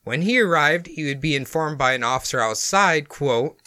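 A man with a bright, forward voice co-hosts a casual podcast. He reads from his notes in a relaxed way and often breaks into small chuckles mid-sentence. The sound is dry and close, with no room around it. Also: a little high, moderate pace, clear, resonant tone, no echo. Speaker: podcast co-host presenting the topic. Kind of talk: casual chat mixed with reading notes aloud.

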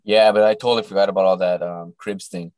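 A man co-hosting a casual podcast, rambling and often clearing his throat. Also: low voice, steady tone, fast, darkish tone, no echo. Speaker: podcast co-host. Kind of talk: casual chat.

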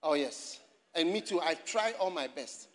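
A man preaching a sermon in a church, animated and often shouting and laughing as he addresses the congregation and online viewers. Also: fairly high pitch, a little slow. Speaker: pastor.

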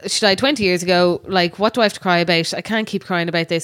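A woman's voice: on the low side, fast, a bit bright. An Irish woman co-hosting a podcast, chatting candidly and telling a personal story, with casual swearing. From Ireland. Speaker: podcast co-host. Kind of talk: casual chat.

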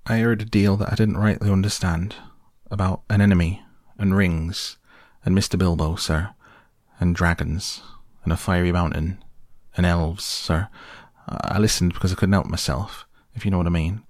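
A man's voice: sits low, fairly even intonation, normal speed, a little mellow, no echo, studio quality. A man voicing a nervous, humble young hobbit gardener with rustic, stammering speech, full of "sir", in an audiobook. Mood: earnest. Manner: anxious and pleading, full of "sir". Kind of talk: audiobook character voice.

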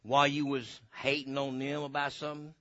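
A man preaching a folksy sermon, swinging between loud bursts and hushed asides. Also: mid-range voice, level tone, fairly quick, muffled recording.

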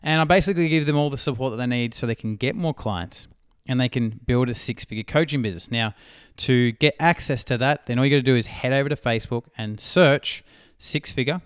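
A man's voice: medium pitch, fairly quick, clean tone, dry recording, studio quality. An Australian man hosting his own podcast, chatting loosely with fillers and a self-mocking tone. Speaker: podcast host and business coach. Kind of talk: casual podcast chat.

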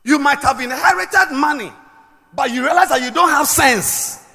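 A middle-aged woman preaching a sermon, swinging between loud shouted emphasis and quiet, low asides. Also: moderate pace, vocal fry. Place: large church hall. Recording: echoey hall with long reverb.

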